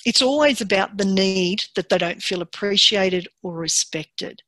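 A woman giving a workshop presentation in a calm, measured and encouraging way. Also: mid-range voice, no echo.

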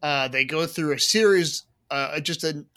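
A man co-hosting a casual podcast chat, animated and full of fillers and asides. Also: a little high, measured pace. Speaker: podcast co-host.

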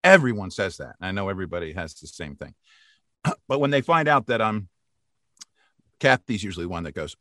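An older man, a voice actor, tells stories with lots of energy, often laughing and acting out what people said. His lowish voice has a bright edge and sounds close and dry. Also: brisk, dry recording. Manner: animated, laughs often, acts out quotes. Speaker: voice actor guest. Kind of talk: casual interview storytelling.

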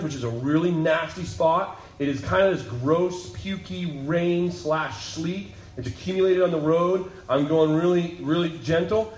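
Man, pastor, lively sermon storyteller, slightly high voice, roomy echo, getting over a cold. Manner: animated storyteller, acts out voices. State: lingering cold, coughing. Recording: echoey room.

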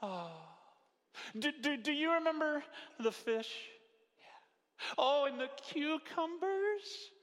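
A man putting on the voice of hungry, grumbling wilderness wanderers, whining in a drawn-out, nasal way. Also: very high voice, animated, a bit bright, pitched above the performer's own voice, exaggerated voice. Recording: long hall reverb.

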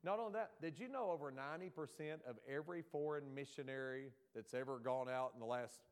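A man's voice: mid-range voice, clean tone. Folksy Southern preacher man, joking. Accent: American Southern. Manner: folksy, joking, quick asides to the congregation. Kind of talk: sermon.

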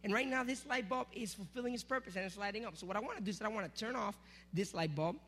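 Energetic man preaching to youth. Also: high-pitched, quick pace, a little hiss or hum. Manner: energetic, teasing, calls on the crowd. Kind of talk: sermon with object lesson.

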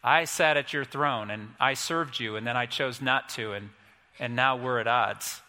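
A preacher putting on a slow, mocking demon. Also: male voice, mid-range voice, pushed and bright, voice pushed down, close to an everyday voice. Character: sly fallen demon, male, defiant. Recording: long hall reverb.

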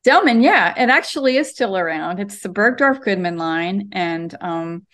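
A woman's voice: medium pitch, moderate pace. A woman cartoonist, a guest in an interview, telling her story with lots of ums over a video call from her home studio. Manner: animated storyteller, many ums.

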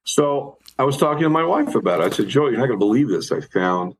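A man's voice: mid-range voice, big pitch swings, fast talker, a little hiss or hum, low-quality recording. A middle-aged or older man, a guitarist guest, telling a long casual story with many fillers and restarts.

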